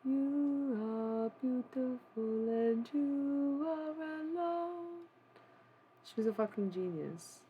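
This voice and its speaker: A woman's voice: low-pitched, creaky, warm tone, slight background noise, rough recording. A woman live streamer in casual chat, rambling and musing aloud with frequent swearing.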